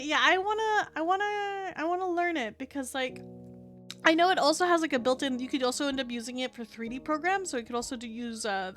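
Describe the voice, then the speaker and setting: A woman's voice: on the high side, a bit bright. A woman VTuber streamer chatting casually at home. She rambles, with lots of fillers and restarts. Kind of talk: casual chat while streaming. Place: home room with her cat. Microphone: desk streaming mic.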